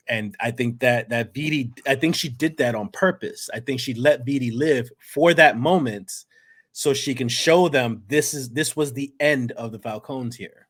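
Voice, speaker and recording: A man co-hosting a casual TV review chat, talking in halting restarts and acting out quotes from the show. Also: mid-range voice, a bit bright. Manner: rambling, halting with many restarts, acts out quotes. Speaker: contributing writer, co-host.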